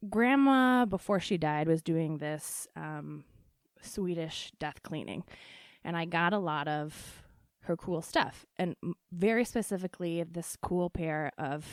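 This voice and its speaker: A young adult woman hosting a podcast, telling a personal ghost story casually, with laughs, swearing and quick asides. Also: on the low side, dry recording, clean studio sound. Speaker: podcast host.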